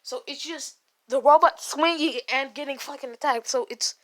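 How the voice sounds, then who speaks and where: A woman's voice: high-pitched, moderate pace, fairly bright tone. A woman casually retelling a fan story in a rambling, profane way, often laughing and correcting herself.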